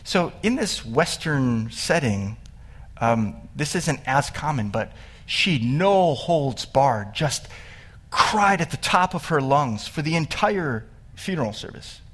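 A man preaching in a slightly higher voice than most men. He tells the story with animation, climbing in pitch and volume as he builds. Then he drops to a hushed, slower tone for the sad parts. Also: sing-song, breathy edge. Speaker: pastor. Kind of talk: sermon.

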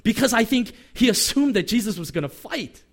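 A man preaching a sermon as pastor, acting out quoted lines and letting his voice drop low at the ends of phrases. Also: fairly quick. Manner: animated, acts out quoted voices; drops pitch and volume at phrase ends.

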